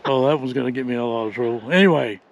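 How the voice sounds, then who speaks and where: A man's voice: medium pitch, rapid-fire, gravelly. An older man chatting in a folksy, chuckling way as he vlogs outdoors on a windy trail. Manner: folksy, chuckling, says "y'all". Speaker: vlogger. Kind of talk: casual outdoor vlog chat.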